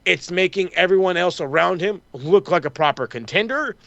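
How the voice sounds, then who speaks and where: A man with a high, creaky, somewhat bright voice co-hosts a podcast, blasting through a heated wrestling recap full of profanity and mock impressions of others. The pace is fast, and the lo-fi audio has no echo.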